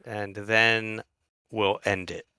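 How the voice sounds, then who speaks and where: A man's voice: on the low side, little pitch movement, very slow, sharp tone, clean tone, no room sound, clean studio sound. A man co-hosting a podcast, reading a book aloud live and chatting casually. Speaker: podcast co-host.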